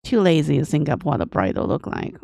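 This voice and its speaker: A woman artist thinking aloud as she draws on a livestream, talking in a deliberately aged, grandma-like voice in short, broken phrases. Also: sits low, very animated, vocal fry, mellow, no echo, studio quality. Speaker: artist streaming her drawing process. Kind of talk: casual livestream commentary while drawing.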